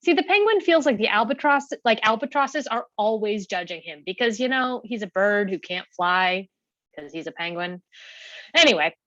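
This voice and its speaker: A woman reading a comic monologue aloud in an animated, playful storytelling manner. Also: medium pitch, moderate pace, dry recording, muffled recording. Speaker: play reader.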